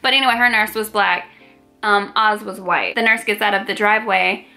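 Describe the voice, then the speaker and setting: A woman vlogger telling a story in an animated, chatty and dramatic way. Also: medium pitch, moderate pace, gravelly, soft background music. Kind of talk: storytime vlog.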